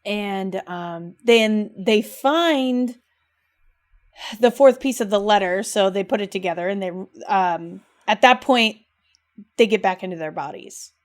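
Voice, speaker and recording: Recapping a video game on the podcast she co-hosts, a young adult woman speaks casually and emotionally, sprinkling in plenty of "like" and "rad." Her voice is medium-pitched and her pace measured.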